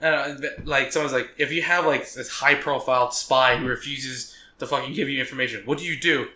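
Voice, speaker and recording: A man co-hosting a casual podcast, swearing freely and rambling through stories he acts out in quick voices. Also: mid-range voice, fairly even intonation, bright, forceful tone. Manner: profane, rambling storyteller who acts out scenes in quick voices. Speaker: podcast co-host. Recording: echoey room.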